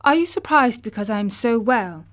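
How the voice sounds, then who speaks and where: A woman's voice: on the high side, lively intonation, moderate pace, fairly bright tone. Young boy, earnest and proper, raised voice, played by a woman reader. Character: eager young boy, once sickly, earnest.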